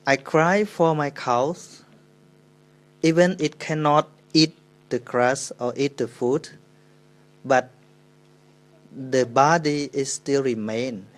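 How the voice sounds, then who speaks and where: A man with a Khmer accent gives a Buddhist dharma talk in English, telling a teaching story. He speaks slowly and deliberately, in an ordinary middle pitch. He often pauses and corrects himself as he searches for the right words. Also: rough recording. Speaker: Buddhist monk.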